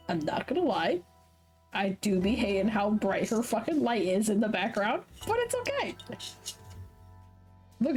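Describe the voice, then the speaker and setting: A woman's voice: medium pitch, a little mellow, rough recording. A woman streamer reading a visual novel aloud with live commentary, swearing casually, laughing often and correcting herself mid-sentence. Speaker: Twitch streamer.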